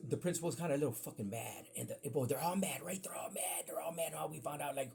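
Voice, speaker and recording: A man telling a rambling childhood story in a casual, animated way, full of asides and swearing. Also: fairly high pitch, fast talker, gravelly, few pauses. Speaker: podcast storyteller.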